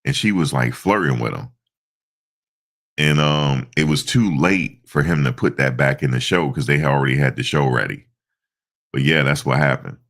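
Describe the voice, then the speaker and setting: A man's voice: rumbling low, normal speed, a bit bright. A stuffed-up man hosting a casual live stream, rambling through stories with lots of fillers. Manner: rambling storytelling with many fillers.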